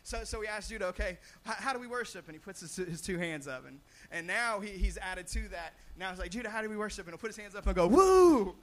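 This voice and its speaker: Young man, pastor, preaching, animated, restarts and repeats, fairly high voice, light background noise. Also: fast talker, few pauses. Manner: animated, swells loud on emphasis; frequent repeated words and restarts. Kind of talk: sermon.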